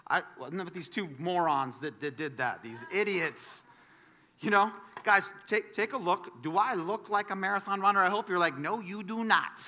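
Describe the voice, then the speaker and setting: A man preaching a sermon as pastor to a congregation, talking conversationally and swinging between loud emphasis and quiet asides. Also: high-pitched, moderate pace. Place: church sanctuary before a congregation.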